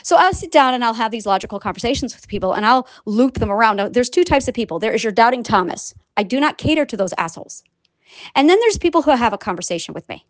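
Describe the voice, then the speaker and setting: A woman's voice: on the high side, animated, fast. A woman talking to camera in a rambling, emphatic monologue, swearing often and restarting her sentences.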